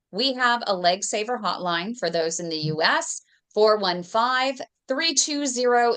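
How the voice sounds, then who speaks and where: A woman host with a medium-pitched voice speaks on a video call. She explains things clearly and instructively, spelling out details for viewers. Her delivery is steady and informative. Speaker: host of health advocacy show. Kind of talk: host interview and public health message.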